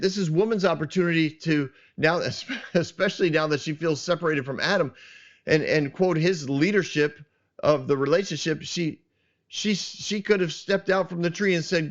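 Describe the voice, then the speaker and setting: A man's voice: a little high, normal speed. A man hosting a podcast, reflecting earnestly on a scripture passage and often restarting his sentences as he thinks aloud. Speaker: podcast host teaching scripture. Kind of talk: reflective teaching talk. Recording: dull lo-fi sound.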